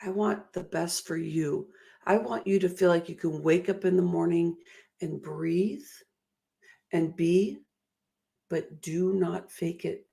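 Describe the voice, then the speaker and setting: A woman's voice: on the low side, fairly even intonation, takes it slowly, gravelly, dark tone. A middle-aged woman giving an emotional, earnest motivational talk, often laughing at herself. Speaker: motivational speaker.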